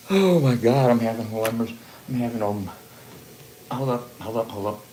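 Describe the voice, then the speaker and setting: A man's voice: lowish voice, takes it slowly, pauses often, a bit bright, a little hiss or hum. A man hosting a casual livestream from his home, swearing constantly and laughing often. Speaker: livestream host. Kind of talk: profane casual livestream chat. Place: room at home.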